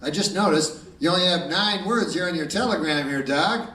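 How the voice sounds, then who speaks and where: Comic putting on a salesy telegraph clerk, pitched up, in a noisy echoey hall. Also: male voice, fairly quick. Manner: salesy, pushy. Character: brash male telegraph clerk pitching a deal. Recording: echoey live room, distant mic, loud crowd.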